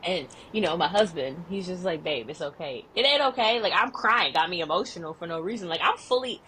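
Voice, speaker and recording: A woman in her thirties co-hosting a podcast in casual chat, animated and expressive, laughing often as she tells stories. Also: on the low side, brisk, slight background noise. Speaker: podcast co-host.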